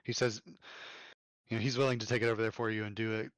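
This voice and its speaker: A man running a tabletop game as game master, relaxed and thinking aloud as he goes. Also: fairly low pitch, brisk, dry recording.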